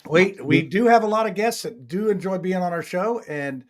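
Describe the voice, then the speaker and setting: A man hosting a talk podcast, relaxed and joking in casual conversation. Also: high voice, normal speed. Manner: relaxed, joking, laughs often. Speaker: talk show host.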